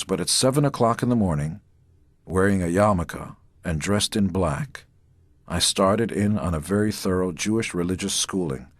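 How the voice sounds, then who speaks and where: Middle-aged man from Israel, very low voice, reads his own memoir with deadpan timing, close and dry. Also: no room sound. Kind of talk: memoir audiobook narration.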